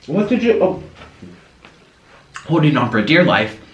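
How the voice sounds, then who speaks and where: Eating on camera for a mukbang, this man chatters casually and pauses between bites to coo at his pet. He speaks at a measured pace in a fairly high, sing-song voice; the audio is muffled, echoey, and slightly noisy.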